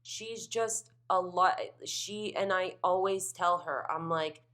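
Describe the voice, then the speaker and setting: A woman's voice: lowish voice, slow, a bit bright. Blunt, gushing young woman co-host. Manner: gushing, blunt, casual swearing. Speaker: podcast co-host, bartender. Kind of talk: casual chat.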